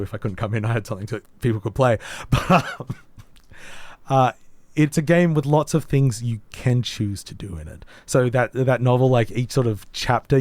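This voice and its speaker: Brief: husky-voiced host, rambling and thoughtful, dry close mic. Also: male voice, mid-range voice, darkish tone, no room sound. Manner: rambling, thoughtful, many ums. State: hoarse, voice nearly gone. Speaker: podcast co-host. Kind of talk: casual game review chat.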